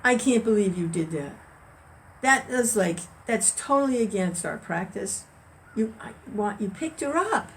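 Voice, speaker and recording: A woman voicing an indignant male monk who is scandalized and keeps repeating his outrage in high, incredulous outbursts. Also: lively intonation, a little slow, a little hiss or hum.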